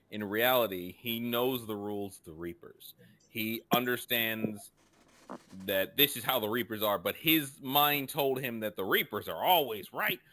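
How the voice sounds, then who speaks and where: A man thoughtfully analyzing a tabletop game session in casual chat, quick to laugh. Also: fairly low pitch, sharp tone. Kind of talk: casual post-game discussion.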